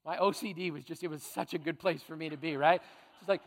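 A pastor delivering a conversational sermon full of playful asides and tag questions. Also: male voice, on the high side, fairly even intonation, fast talker, in a large hall.

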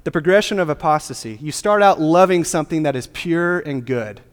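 A man's voice: fairly high pitch, a little fast, smooth. A man preaching a sermon as a pastor, with a casual, joking, conversational delivery. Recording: long hall reverb.

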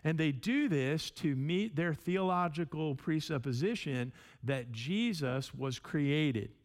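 A man's voice: on the high side, lively intonation, slow. A man teaching a sermon in a conversational way, often repeating words and checking in with his listeners. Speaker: pastor.

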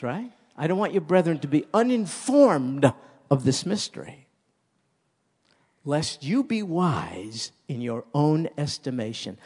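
A man's voice: on the high side, a little mellow, breathy edge. A man preaching a sermon as pastor, emphatic and repeating key phrases for stress.

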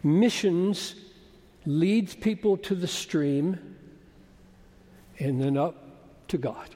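High-voiced preacher in a reverberant hall. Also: male voice, extremely slow. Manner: emphatic, swelling to loud exclamation. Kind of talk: sermon.

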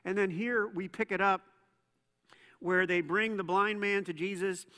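A man preaching a sermon as a pastor, conversational and playful, telling stories with quick asides. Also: high voice, steady tone, pushed and bright. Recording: long reverb in a church hall.

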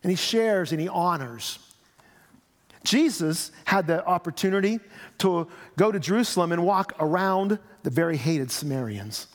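A man's voice: sits high, expressive, normal speed. A middle-aged man, a pastor, preaching a sermon in a conversational way, often repeating his words. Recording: long hall reverb.

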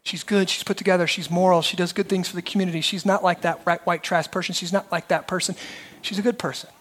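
Man teacher with a high voice, reads a story aloud in an expressive, dramatic way. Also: fast. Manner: expressive, rising to dramatic emphasis. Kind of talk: lecture with dramatic reading aloud.

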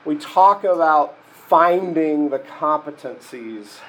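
A man who is a pastor and therapist giving a sermon in a slow, reflective, conversational way, often restarting his sentences. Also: a little high, expressive, fairly bright tone, low-quality recording.

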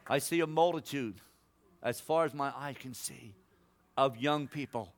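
Male guest preacher, prophetic sermon, mid-pitched voice, surges loud then drops to a hush, calls folks son and daughter. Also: measured pace. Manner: emphatic, swings between loud exhortation and hushed personal words; addresses listeners directly as son, daughter, brother.

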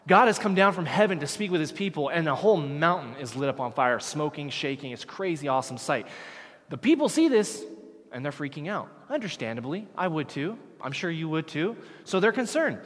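Male preacher, expressive swings from hushed to emphatic, in a church with a long reverberant tail. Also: brisk. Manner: animated preaching, drops low then rises to emphatic peaks. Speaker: pastor. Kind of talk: sermon.

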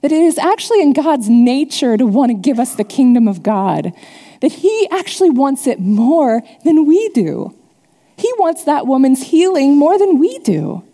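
A woman's voice: high-pitched, sing-song, normal speed. Conversational woman preacher in a reverberant hall. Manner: warm, conversational preaching with laughs and asides. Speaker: pastor. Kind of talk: sermon.

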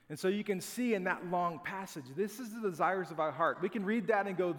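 A man's voice: high voice, a little fast, hardly any pauses, a bit bright. A middle-aged man preaching a sermon as a pastor, telling family stories in a conversational, self-deprecating way. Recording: long hall reverb.

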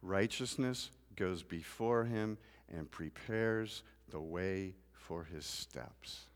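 A man's voice: deep voice, slow, a little hiss or hum. Preaching man in a reverberant church. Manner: builds from quiet scripture reading to loud, rising preaching. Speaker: pastor. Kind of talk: sermon. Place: church sanctuary.

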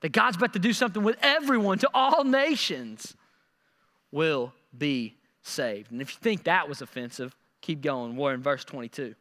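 A man preaching a sermon, animated and repeating words as he acts out scripture quotes. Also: high voice, fairly quick, hardly any pauses, big-room sound. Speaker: pastor.

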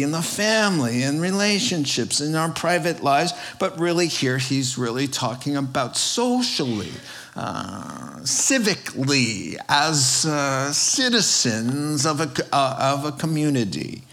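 A man's voice: medium pitch, fairly bright tone. A man preaching a sermon to his congregation, his voice sitting in an ordinary middle register. He talks in a loose, conversational way, with fillers and restarts. On key words he lifts his voice with emphasis. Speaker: pastor.

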